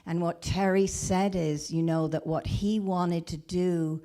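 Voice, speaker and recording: A woman minister retelling a story in a sermon, gentle and halting, with frequent restarts. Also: on the low side, fairly even intonation. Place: church or spiritual center.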